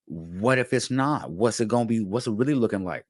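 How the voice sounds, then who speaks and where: Male host, deep voice, dry recording; loose, slangy storyteller full of fillers. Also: fairly quick, no echo. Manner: animated, slangy, lots of fillers, acts out quotes. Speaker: channel host telling his story. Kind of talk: casual storytelling to camera.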